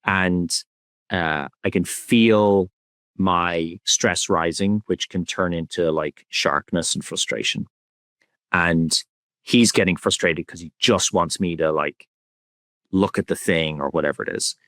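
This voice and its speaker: A man speaking as a podcast guest, talking in a soft, reflective and candid way in a relaxed conversation. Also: low voice, takes it slowly, dry recording.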